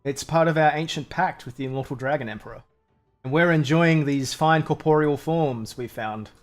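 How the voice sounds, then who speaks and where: A man voicing a calm, stern male spirit warrior who speaks in a slow, measured way. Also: on the high side, soft background music, close to an everyday voice.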